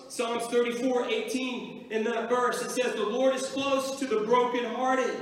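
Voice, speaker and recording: A middle-aged man preaches with a strikingly high voice, calling to the congregation again and again. He is heard from far off in a church, with a strong, long echo around him. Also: fairly bright tone. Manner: preaching, calls out to the church with repeated "Amen?". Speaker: pastor. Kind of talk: sermon. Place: church sanctuary. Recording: echoey hall from far off.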